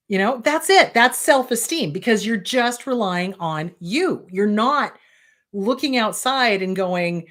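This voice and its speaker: A woman therapist hosting a casual advice show, blunt and emphatic as she answers viewer questions. Her pitch swings widely from phrase to phrase, in a lively, animated way. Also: measured pace. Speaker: therapist and host.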